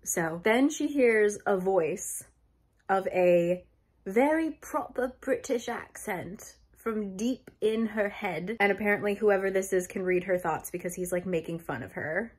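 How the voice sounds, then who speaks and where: A woman's voice: medium pitch, a little slow, darkish tone, slightly rough. A young woman chatting casually as she recaps a novel, swearing and laughing often. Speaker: book youtuber.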